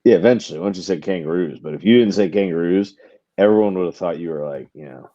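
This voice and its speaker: Brief: opinionated man sports podcaster, mellow low voice, muffled lo-fi mic. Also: fast talker, dry recording. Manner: animated, opinionated, rambling with restarts. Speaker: podcast co-host. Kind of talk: casual sports chat.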